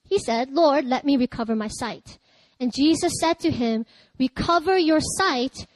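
High-voiced woman pastor preaching with dry closeness. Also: measured pace, dry recording, low-quality recording. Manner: lively, chatty preaching with laughter and loud cries. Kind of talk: sermon.

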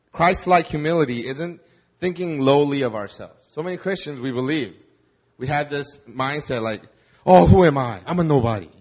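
A man preaching a sermon in a conversational, animated way, with casual fillers. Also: a little high. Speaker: pastor.

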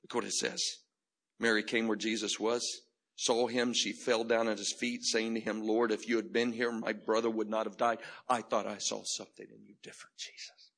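A man preaching a sermon as pastor, building from quiet reflection to shouted climaxes in a rhythmic, repetitive cadence. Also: on the low side, flat delivery, normal speed, gravelly.

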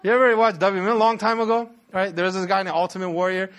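A man delivering a sermon in a high, bright-pitched voice. He tells the story with animation and keeps turning to the audience with rhetorical questions. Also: little pitch movement, fast talker. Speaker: preacher.

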